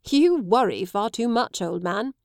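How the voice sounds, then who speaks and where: A woman voicing a light, teasing gentleman in an audiobook. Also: a little high, animated, unhurried, no room sound, studio quality. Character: teasing easygoing gentleman officer.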